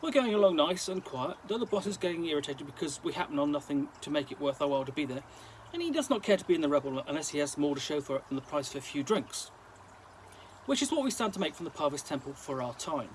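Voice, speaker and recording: Lively, high-pitched man reading a story. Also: fast talker, a little hiss or hum, rough recording. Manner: lively storytelling, now and then stumbling over words. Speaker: reader. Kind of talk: story reading in a present-tense gangster-slang voice.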